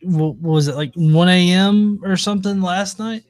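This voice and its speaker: A man's voice: high-pitched, normal speed. A tired man with a Southern US accent, telling crude stories in laid-back casual chat. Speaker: guest YouTuber.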